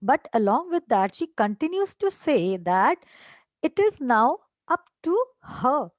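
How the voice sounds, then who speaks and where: Her voice is high, very animated and unhurried, with no echo. She's an English teacher walking a class through a play line by line: she reads a line, explains it, and now and then switches to Hindi, peppering her talk with fillers and tag questions.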